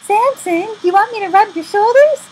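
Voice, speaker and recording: A woman's voice: lively intonation, normal speed, a little mellow, slight background noise. Casting: woman playing a scheming storybook wife, sweet-voiced and wheedling. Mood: sugary. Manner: sugary, high and wheedling. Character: scheming wife Delilah, sugary and demanding.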